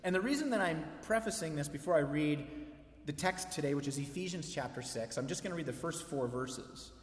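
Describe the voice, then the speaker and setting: A male pastor preaching a sermon in a relaxed, conversational way, mixing storytelling with humor. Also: on the high side, fairly quick. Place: church sanctuary. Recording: echoey hall reverb.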